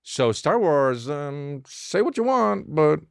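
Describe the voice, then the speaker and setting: A man hosting a podcast, riffing in a rambling comic monologue, excitable and profane, with quick acted asides. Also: fairly high pitch, gravelly, clear, resonant tone, dry recording, clean studio sound. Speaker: podcast host.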